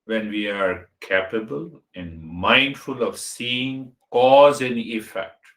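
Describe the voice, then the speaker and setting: A man giving a meditation teaching talk as a spiritual teacher, speaking deliberately and listing words one at a time. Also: medium pitch, a bit bright. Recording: roomy echo.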